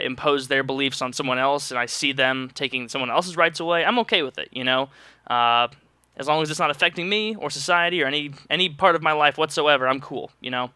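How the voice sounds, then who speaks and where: Bright-voiced young man rambling casually. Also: mid-range voice, clean tone, no echo. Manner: loose and joking, with sarcastic asides. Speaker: vlogger answering viewer questions.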